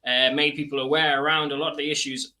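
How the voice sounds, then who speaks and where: A man from northeast England speaking as a guest on a remote video call. His diction is careful and stage-trained, softened by frequent hedging fillers. His voice is very bright and cutting, a little high in pitch. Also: level tone, quick pace. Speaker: activist guest. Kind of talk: casual interview chat.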